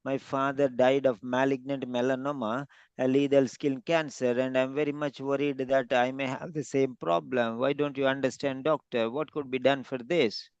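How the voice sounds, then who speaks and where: A man's voice: mid-range voice, level tone, normal speed, a little mellow, clean tone, no echo, lo-fi sound, lightly acted. Man playing a worried male patient. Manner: anxious, pleading questions. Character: worried adult male patient fearing cancer. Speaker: role-play patient. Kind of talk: medical role-play.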